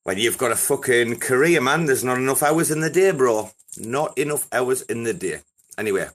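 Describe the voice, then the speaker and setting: A young man hosting a crypto breakfast show, chatting casually in a rambling, heavily profane and excitable way. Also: mid-range voice, fairly quick. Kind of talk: casual live audio chat.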